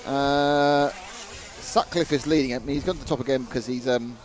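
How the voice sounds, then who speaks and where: A man's voice: mid-range voice, steady tone, moderate pace. A man commentating a live model car race, joking and reading viewer comments aloud. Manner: jokey, chatty, reads viewer comments aloud.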